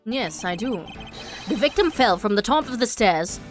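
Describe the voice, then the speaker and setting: A woman voicing a calm, pompous male prosecutor who lays out deductions in a measured, deliberate way. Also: on the high side, faint music behind, natural voice.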